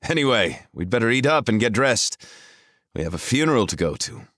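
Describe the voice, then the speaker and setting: A man voicing a steady, kindly grown friend in an audiobook, calm and measured. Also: medium pitch, no room sound, studio quality, voice pushed up.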